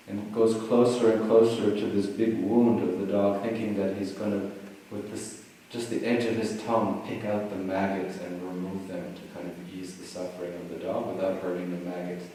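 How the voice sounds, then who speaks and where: A man giving a dharma talk, telling a teaching story in a relaxed way with many "you know"s and "like"s, recorded in a retreat hall. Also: on the low side, normal speed, slight background noise. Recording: echoey hall, mic at a distance, faint ambience.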